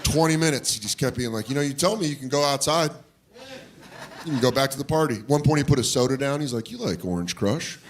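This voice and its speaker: A man's voice: fast talker, background noise. A man doing stand-up, telling a story and acting out the people in it with big jumps in his voice. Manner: animated, acts out voices with big jumps in pitch. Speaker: stand-up comedian. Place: comedy club stage. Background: audience laughter.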